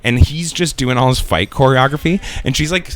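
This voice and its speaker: A man co-hosting a casual gaming podcast, telling stories in a rambling, animated way and swearing often. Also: medium pitch, brisk. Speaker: co-host.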